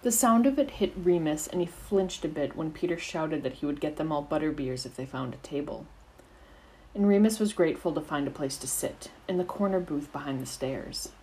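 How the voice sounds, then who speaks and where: Storyteller, woman, deep voice, steady reading, faint background hiss. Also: moderate pace, low-quality recording. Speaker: narrator, audiobook reader. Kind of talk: fan fiction audiobook narration.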